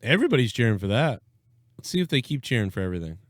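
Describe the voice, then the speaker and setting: Rapid-fire and very animated, a young man at a medium pitch hosts a live political reaction stream, casual in tone but blunt, sarcastic and heavy on swearing. Slight background noise can be heard.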